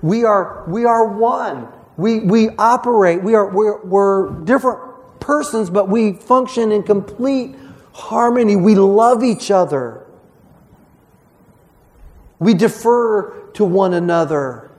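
Guy pastor giving a sermon, fairly high voice, chatty and earnest, lots of restarts. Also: slow pace. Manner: conversational, earnest preaching with many restarts and quoted voices.

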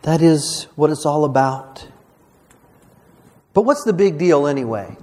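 A male pastor delivering a sermon in a fairly high voice. He talks in a conversational, earnest way, often restarting his phrases. He acts out quoted lines as he goes. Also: lively intonation, measured pace, dark tone.

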